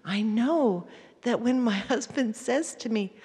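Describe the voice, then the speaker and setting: Breathy woman speaker in a hall. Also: a little high, slow. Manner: gentle, often drops to a soft near-whisper. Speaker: workshop speaker. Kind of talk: live talk to an audience. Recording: hall reverb.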